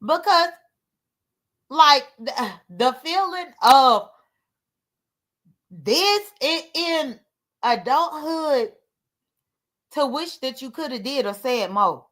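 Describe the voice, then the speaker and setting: A woman speaking hosts a livestream, and her talk runs candid, emotional and rambling. Her voice sits high and comes out bright and clear. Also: animated, extremely slow, pauses often. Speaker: livestream host.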